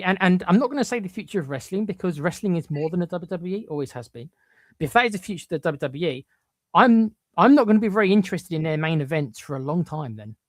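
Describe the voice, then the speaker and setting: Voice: medium pitch, no room sound. A podcast co-host giving blunt, emphatic opinions, often stumbling into repeated restarts.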